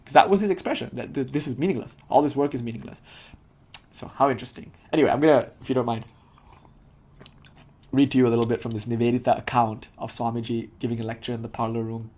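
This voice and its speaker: Fast-talking irreverent young male teacher. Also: mid-range voice. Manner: irreverent, casual and profane, animated quoting. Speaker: spiritual teacher. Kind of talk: informal lecture on spiritual history.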